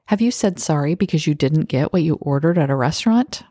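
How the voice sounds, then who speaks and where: This middle-aged solo podcast host has a low, warm, husky voice, animated at normal speed with hardly any pauses, on a dry studio-quality recording. She reflects earnestly on her own habits and acts out short example phrases.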